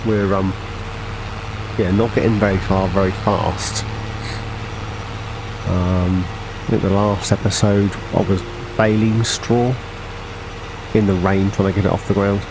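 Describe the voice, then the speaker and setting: Low-ish guy rambling thru a farming game, faint hiss behind. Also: fairly even intonation, measured pace, pauses often. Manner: chatty, rambling, self-correcting. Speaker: gaming channel host. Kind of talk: casual farming game commentary.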